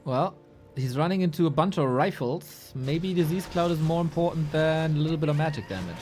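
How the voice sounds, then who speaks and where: A male caster with a slightly high voice calls a strategy game in a loose, bantering way. His pitch jumps around a lot as he jokes with his co-host. Faint music plays underneath. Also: expressive, brisk, a little mellow. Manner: playful, bantering, laughs often. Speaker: esports caster. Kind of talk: casual game commentary.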